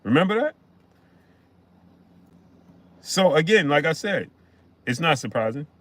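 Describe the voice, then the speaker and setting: A man hosting a casual boxing live stream, greeting viewers by name and chatting in an animated way. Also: on the high side, measured pace. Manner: shouts out chat names, chatty and animated.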